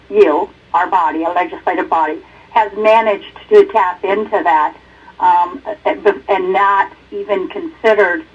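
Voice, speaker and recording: A woman from Alaska calling in to testify at a hearing, speaking earnestly and haltingly. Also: mid-range voice, breathy edge. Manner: earnest, halting, many fillers. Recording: distant muffled telephone line.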